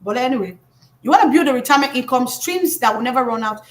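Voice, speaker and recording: A high-pitched Nigerian woman coaching her audience on money. Her delivery is animated and emphatic, scolding her listeners while keeping some humor. She sounds middle-aged and rises often for emphasis. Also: fast. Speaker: financial coach. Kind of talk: live motivational talk.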